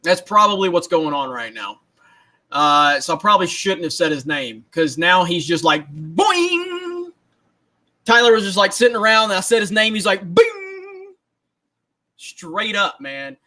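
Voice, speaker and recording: A young man with a high, bright voice rants excitedly on a casual livestream. He repeats himself, keeps cracking himself up, and talks with loose, playful energy. The tone stays sharp and lively. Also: moderate pace. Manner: excited, repetitive, laughing often. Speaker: host.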